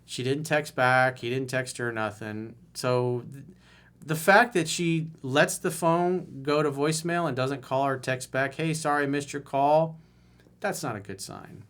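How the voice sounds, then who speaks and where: A man's voice: medium pitch, measured pace, a bit bright. A man working as a dating coach who reads viewer emails aloud and gives blunt, exasperated commentary on them.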